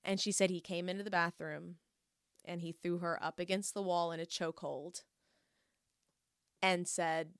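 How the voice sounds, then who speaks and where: A young woman telling a story in casual chat, animated and acting out what people said. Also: fairly low pitch, normal speed, pauses often, clean tone, no room sound, studio quality. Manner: animated storyteller, acts out quoted voices.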